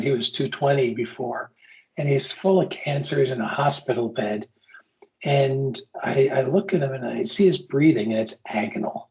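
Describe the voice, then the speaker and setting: A man's voice: medium pitch, a little mellow, poor audio. A man teaching EMS providers in a casual, candid lecture that mixes stories with plain talk. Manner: candid, storytelling, casual asides. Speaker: EMS continuing education instructor.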